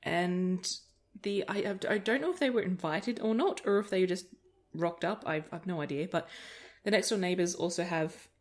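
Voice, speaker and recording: A woman's voice: fairly low pitch, normal speed, hardly any pauses. A woman chatting casually while playing a game, rambling through stories and laughing often. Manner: rambling anecdotes with frequent laughter. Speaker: gaming video creator. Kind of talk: casual let's-play chat.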